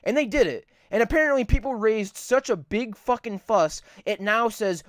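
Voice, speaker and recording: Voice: mid-range voice, moderate pace, hardly any pauses, no echo, clean studio sound. A podcast co-host in casual chat, rambling and swearing a lot, repeating points for emphasis.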